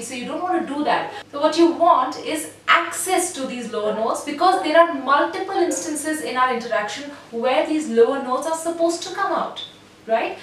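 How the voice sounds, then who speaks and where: A woman voice coach leading vocal exercises, demonstrating deep and high nasal voices as she teaches. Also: fairly bright tone. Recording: echoey room from a distance, faint noise.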